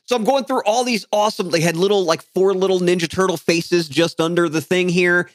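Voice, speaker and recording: A man's voice: high voice, no room sound, studio quality. A young man co-hosting a podcast in casual, joking chat. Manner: animated, joking, quick to laugh. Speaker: podcast co-host.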